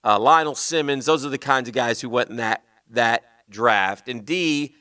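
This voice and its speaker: A male sports radio host with a slight Southern US accent, rambling in loose banter and sinking into a low mutter. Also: normal speed, pushed and bright, dry recording, studio quality. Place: radio studio. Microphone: studio microphone.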